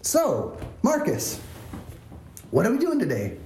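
Preacher voicing a young Spanish man, direct, coaxing, fairly high, echoey room. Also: huge pitch swings, slow, darkish tone, slight background noise, full character voice. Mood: teasing.

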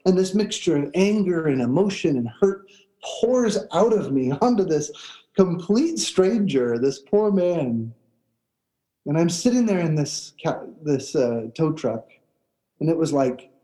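Mellow-voiced man preaching a sermon. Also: a little high, lively intonation, measured pace, low-quality recording. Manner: storytelling, earnest with repeated restarts. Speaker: pastor.

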